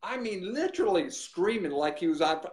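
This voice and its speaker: Animated minister, roomy echo. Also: male voice, high-pitched, normal speed. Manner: animated, acts out quoted voices. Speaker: guest minister. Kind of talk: testimony storytelling.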